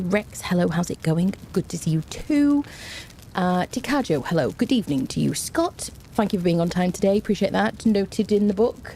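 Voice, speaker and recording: A woman's voice: lowish voice, warm tone, slight background noise. A woman streaming a game, chatting casually and greeting viewers one by one. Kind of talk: casual livestream chat.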